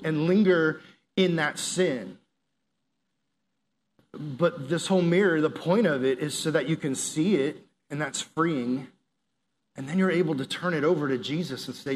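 A man's voice: fairly high pitch, a little slow, pauses often. A young man giving a conversational, earnest youth sermon, acting out inner voices and prayers. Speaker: youth pastor.

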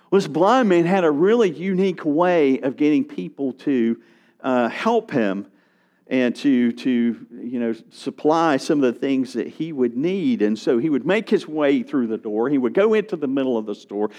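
Pastor guy preaching, really lively ups and downs, slightly high voice. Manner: animated preaching, acts out voices of beggars. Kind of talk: sermon.

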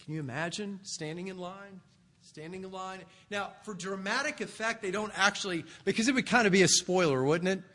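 Male preacher, high voice, bright tone, conversational sermon, long church reverb. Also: a little fast. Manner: conversational, explanatory. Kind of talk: expository sermon.

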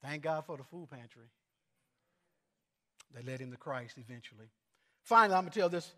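A male preacher recounts stories from his ministry in a high, earnest voice that is animated, brisk and a bit bright, stumbling and repeating words now and then. A long reverb surrounds his sermon, like that of a large church sanctuary.

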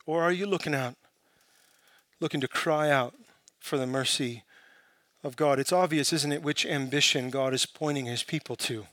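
A man preaching a sermon, building from quiet, searching questions to impassioned, emphatic peaks. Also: on the high side, normal speed, long pauses, dry recording. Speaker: pastor.

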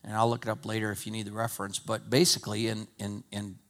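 A man's voice: flat delivery, fast. Emphatic preacher man with swings in volume. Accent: Wyoming. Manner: emphatic, rising to loud peaks then dropping low and conversational. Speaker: pastor. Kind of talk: sermon.

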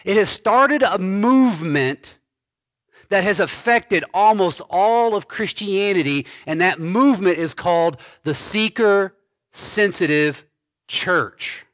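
A male pastor preaching a sermon slowly and emphatically, repeating key phrases. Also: high voice, expressive, a bit bright, dry recording, clean studio sound.

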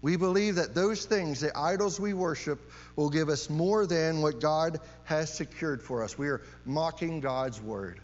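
A man's voice: on the high side, measured pace, hardly any pauses. A man preaching a sermon, emphatic, repeating key phrases and often asking "right?" to his listeners. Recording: long hall reverb, dull sound, mains hum.

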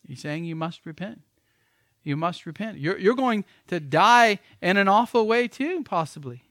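A man's voice: sits high, animated, normal speed, a bit bright, no room sound. Emphatic male pastor preaching, dry sound. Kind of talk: sermon.

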